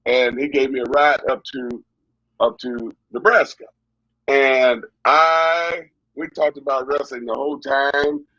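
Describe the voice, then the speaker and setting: A middle-aged man tells his story in a husky, slightly breathy voice, circling back and repeating himself as he goes. The sound is dry and somewhat dull, like lo-fi audio. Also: mid-range voice, takes it slowly, dry recording. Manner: animated, repetitive storyteller. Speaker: wrestling guest. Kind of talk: storytelling interview.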